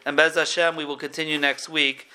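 A man's voice: a little high, level tone, fairly quick, sharp tone, a little hiss or hum. A man teaching a weekly text class in a conversational way, correcting himself as he goes and mixing Hebrew terms into his English. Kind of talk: textual study lecture.

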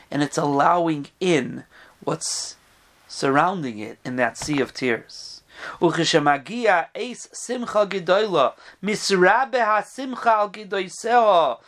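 Reading Hebrew texts in a chanting study-hall rhythm, a man leads a Torah class. When quoting sources his voice turns low and soft, when pressing a point it climbs in pitch, and he clears his throat frequently.

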